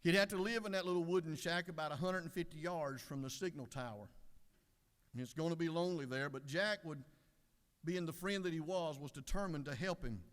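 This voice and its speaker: A middle-aged man giving a folksy devotional sermon, unhurried with many fillers. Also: fairly high pitch. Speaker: devotional speaker. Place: legislative chamber. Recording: echoey chamber.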